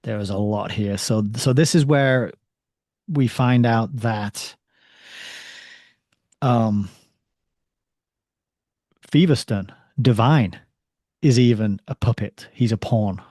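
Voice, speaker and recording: A man with a mellow, dark-toned voice hosts a relaxed book discussion. He reads passages aloud and chuckles between lines, recorded close and dry. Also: medium pitch, takes it slowly, long pauses, no room sound. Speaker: podcast host.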